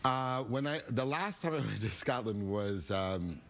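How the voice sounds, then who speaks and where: An American man, a film actor and producer, talking in a relaxed, halting way as a talk show guest. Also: lowish voice. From United States. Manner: relaxed, laid-back, halting.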